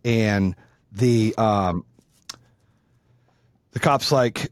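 A middle-aged man telling a long story in a casual, animated, profane way. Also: lowish voice, slow pace, pauses often, no echo, clean studio sound. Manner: profane, animated, acts out the people in his story.

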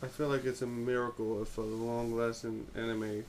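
A man's voice: mid-range voice, flat delivery, normal speed, darkish tone, a little hiss or hum. A man co-hosting a casual podcast, making blunt, joking asides. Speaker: podcast co-host.

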